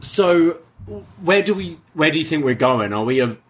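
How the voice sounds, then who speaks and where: Male co-host, relaxed banter, quick to joke and chuckle. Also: fairly high pitch, breathy edge. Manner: joking, chuckles between remarks. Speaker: podcast co-host. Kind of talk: casual chat.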